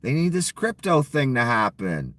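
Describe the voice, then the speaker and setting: A man's voice: mid-range voice, sing-song, moderate pace, fairly bright tone. Profane, sarcastic middle-aged man ranting. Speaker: political commentary vlogger. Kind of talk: angry political rant.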